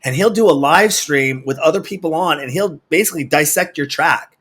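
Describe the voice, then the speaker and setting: Guy hosting an interview show, kinda high voice, rambles and restarts a lot. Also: fairly quick, a bit bright. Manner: rambling, restarts often, friendly asides. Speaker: show host. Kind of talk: casual interview chat. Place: remote video call studio.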